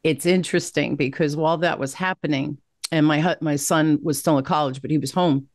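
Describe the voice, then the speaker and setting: A woman's voice: deep voice, steady tone, a little fast, no room sound, clean studio sound. A middle-aged woman hosting a podcast, telling a personal story candidly with frequent "right?" asides. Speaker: podcast host. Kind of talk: casual interview chat.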